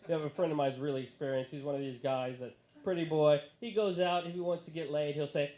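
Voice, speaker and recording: A man doing stand-up into a handheld mic on a small bar stage, his voice sitting a little high for a man. He tells his stories in an animated way and leaps up into excited, squeaky tones whenever he quotes someone. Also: fast talker, few pauses, roomy sound. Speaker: stand-up comedian. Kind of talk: stand-up comedy set. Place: comedy bar stage with audience.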